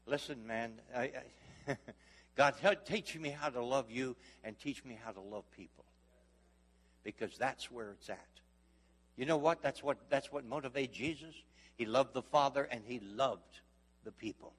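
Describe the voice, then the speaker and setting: A man preaches with a husky, slightly rough voice that carries through a large hall with a long echo. He calls out to his congregation and builds his lines into emphatic, rising peaks. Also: mid-range voice, unhurried. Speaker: pastor. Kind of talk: sermon.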